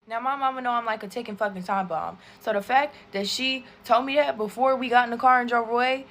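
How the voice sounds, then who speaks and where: A young woman telling a casual storytime while doing her makeup, animated and profane, talking straight to her viewers. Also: on the high side, fast talker, hardly any pauses. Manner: animated, profane, chatty, addresses viewers as y'all. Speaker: storytime creator.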